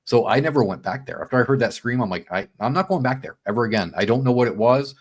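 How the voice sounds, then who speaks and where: A man telling a story as a podcast guest in casual chat, animated, acting out his own quotes and peppering talk with "man" and "dude". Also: medium pitch, fast talker.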